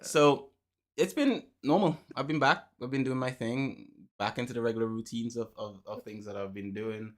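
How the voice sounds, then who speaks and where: A man's voice: mid-range voice, normal speed. A man chatting casually as a podcast co-host, rambling, repeating words and laughing often. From Trinidad and Tobago. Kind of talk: casual chat.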